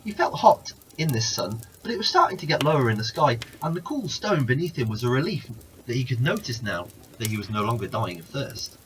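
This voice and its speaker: Animated storytelling man. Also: medium pitch, fairly quick, background noise. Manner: expressive, animated narration. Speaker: narrator. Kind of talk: storytelling reading.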